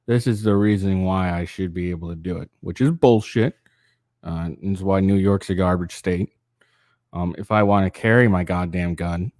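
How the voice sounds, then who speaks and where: This political commentary host's voice sits low with a darkish tone, recorded at studio quality with no room sound. Weary and profane, he reads through a news article in a casual rant, rambling and constantly restarting or filling pauses.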